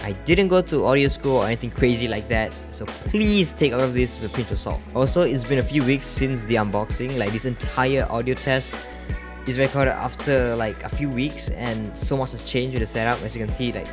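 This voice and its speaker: A man talks through a gadget review in a relaxed, chatty way, speaking straight to his viewers. His voice sits at an ordinary middle pitch, recorded close on a studio microphone, with faint music underneath. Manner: explanatory, chatty, addresses viewers as you guys. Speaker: tech reviewer. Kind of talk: casual product review.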